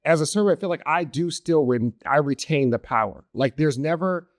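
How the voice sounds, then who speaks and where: A man's voice: a little high, lively intonation, no room sound. Earnest man telling a story, dry sound. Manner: earnest, emotional, halting storyteller. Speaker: podcast guest, hospitality executive. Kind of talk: casual conversational storytelling. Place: podcast studio.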